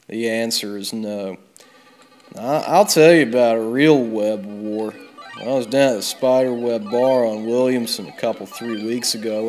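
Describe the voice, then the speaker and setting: A man hosting a video game let's play, telling a rambling comic bar story in a deadpan drawl with plenty of swearing. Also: mid-range voice. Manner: deadpan drawl, swears freely, loud bursts on quoted yells. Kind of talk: comic rambling tall tale over gameplay.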